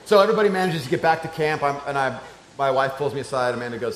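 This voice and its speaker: A middle-aged man preaching a sermon, telling a story and swinging between loud excited shouts and soft hushed tones. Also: mid-range voice, racing, slight background noise. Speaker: pastor. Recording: echoey room with faint ambience.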